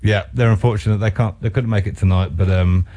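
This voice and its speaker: Kiwi radio host guy, real low voice, gushing and friendly, mate every other line. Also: fairly even intonation, fairly quick. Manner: warmly enthusiastic, says mate a lot. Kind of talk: casual radio interview.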